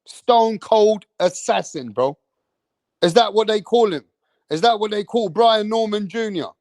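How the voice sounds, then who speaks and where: A man hosting a live boxing stream, talking in a streetwise, slang-heavy way and keeping up a steady chat straight to the viewers. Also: sits high, unhurried, no echo. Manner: streetwise, slang-heavy, keeps saying bro and bruv. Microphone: streaming setup mic.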